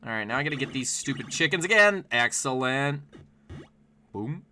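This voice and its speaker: A man streaming live gameplay, chatting to viewers and yelping and shouting at the game. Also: medium pitch, normal speed, slight background noise. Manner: excitable, yelps and shouts at the game; chats to viewers between plays. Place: home, with his dog in the room.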